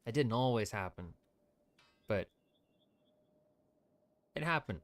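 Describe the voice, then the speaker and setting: A man's voice: mid-range voice, lively intonation, takes it slowly. A man streaming gameplay, ranting with strong opinions in loose, rambling commentary. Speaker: VTuber streamer.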